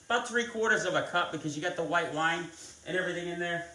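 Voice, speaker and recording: A man's voice: on the high side, fast talker, pushed and bright. A man hosting a live cooking stream, chatting viewers through each step of a recipe in a casual way. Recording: echoey kitchen, mic at a distance.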